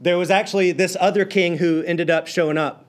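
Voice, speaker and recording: Impassioned preaching man, fairly high voice. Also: steady tone, brisk. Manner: impassioned preaching that swings from loud to quiet. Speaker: pastor. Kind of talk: sermon.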